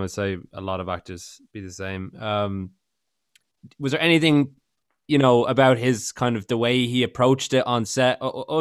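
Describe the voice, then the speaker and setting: Smooth-voiced male podcast host, dry sound. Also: medium pitch, no echo. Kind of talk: interview questions.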